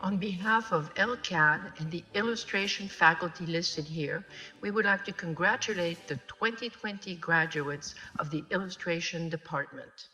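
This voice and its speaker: Low-voiced woman introducing the next speaker. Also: moderate pace, sharp tone, soft background music, rough recording. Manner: brief, formal introductions. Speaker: faculty presenter. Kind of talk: recorded commencement remarks.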